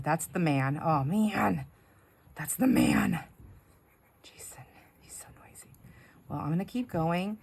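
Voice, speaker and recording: A woman's voice: rumbling low, creaky, a little mellow, husky. A middle-aged woman hosting a craft video at home, chatting in a rambling way while she works, laughing often and sometimes dropping to a whisper. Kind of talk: casual chat while crafting.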